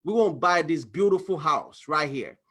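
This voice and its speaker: This is a screen-share explainer in which a financial coach with a high voice talks through a money diagram. His delivery is lively and full of exclamations, and he stages short mock conversations with a bank and with a spouse while selling his advice.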